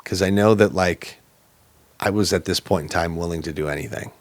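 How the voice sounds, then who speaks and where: Brief: low-voiced man, plainspoken and earnest, dry close recording, personal storytelling. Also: brisk, no room sound. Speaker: podcast guest.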